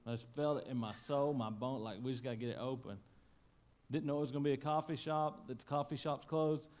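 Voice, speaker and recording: A man preaching a sermon, telling a story in a folksy, emotional way that swings from loud to hushed. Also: mid-range voice, fairly even intonation, brisk. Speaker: pastor. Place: church sanctuary.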